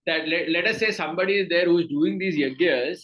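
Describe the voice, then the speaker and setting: A man's voice: on the high side, a little fast, fairly bright tone, low-quality recording. A man with an Indian accent teaching a scripture class, explaining patiently with many fillers and repeated words.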